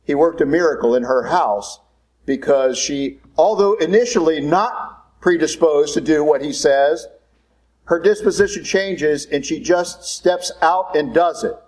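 A man's voice: fairly high pitch, measured pace, rough recording. Conversational male preacher. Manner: conversational storytelling, animated. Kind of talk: sermon.

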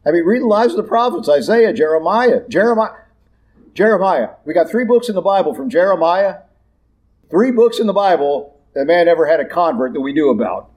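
A man preaching a sermon in a blunt, emphatic, lively way. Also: high voice, fairly quick.

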